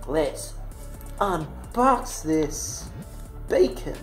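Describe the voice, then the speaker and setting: A man's voice: fairly high pitch, sing-song, drawn-out words, poor audio. A young man from Australia vlogging in a put-on American accent, rambling and joking at his own expense while cooking. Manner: rambling, jokey, self-mocking. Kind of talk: casual cooking vlog. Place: home kitchen. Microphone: handheld phone camera. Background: faint music and sizzling bacon.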